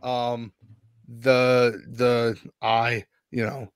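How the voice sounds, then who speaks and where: A man co-hosting a podcast, telling a long rambling story full of swearing. He is sore and worn out after a rough day. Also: medium pitch, moderate pace, fairly bright tone, dry recording, clean studio sound. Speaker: podcast co-host. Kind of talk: casual podcast chat.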